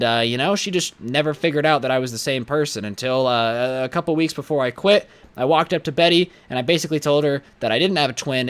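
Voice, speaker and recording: A man's voice: medium pitch, a bit bright, smooth. A young man telling a storytime vlog in a blunt, rambling way, often restarting his sentences. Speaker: YouTuber.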